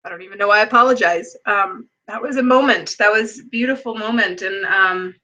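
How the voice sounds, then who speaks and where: Bright, earnest woman hosting a healing show. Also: mid-range voice, muffled recording. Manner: earnest, emotional, many fillers; slow, deliberate chanting of number codes. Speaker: spiritual healing show host. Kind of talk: guided meditation and casual talk.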